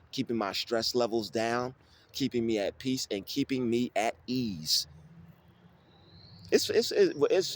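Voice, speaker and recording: A man's voice: mid-range voice, a little hiss or hum. A man giving an informal spiritual teaching about Bible verses, talking casually with many restarts and repeated phrases. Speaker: spiritual video creator.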